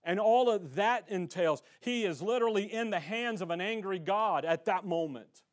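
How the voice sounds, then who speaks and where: A man preaching a sermon as a pastor, fervent and colloquial, his voice swelling as he gets excited. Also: high-pitched, moderate pace. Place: church.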